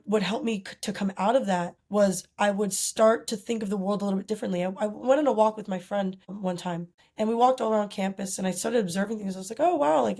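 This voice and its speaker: A woman's voice: medium pitch, a little mellow. Earnest young woman sharing reflections. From Costa Rica. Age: young adult. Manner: earnest, thoughtful, many fillers like "you know" and "like". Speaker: podcast guest. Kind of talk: reflective conversational interview.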